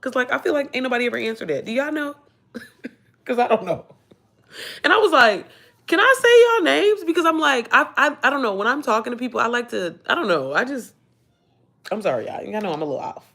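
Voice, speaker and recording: Emotionele, rommelige vrouw die livestreamt. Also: female voice, a little high, animated, fast, creaky, pushed and bright. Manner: emotional, rambling, swears freely. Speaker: livestream host. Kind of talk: casual livestream chat.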